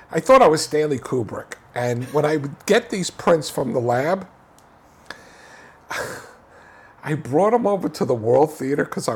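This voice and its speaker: A man telling a film anecdote in an interview, animated, with many restarts and repeated words. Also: medium pitch, creaky, breathy edge. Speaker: filmmaker guest. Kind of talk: casual storytelling interview.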